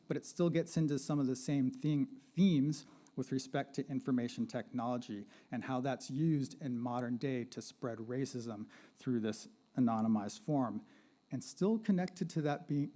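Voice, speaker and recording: A man with a warm, mid-range voice gives a lecture-style talk at an art gallery panel event. He keeps it conversational, checking in with "right?" and putting questions to the audience to invite participation.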